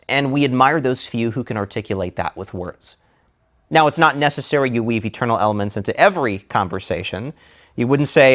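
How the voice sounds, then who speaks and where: A male public speaking instructor delivers a scripted lecture. His delivery is measured and deliberate, and he slows down for emphasis. His voice sits at an ordinary middle pitch.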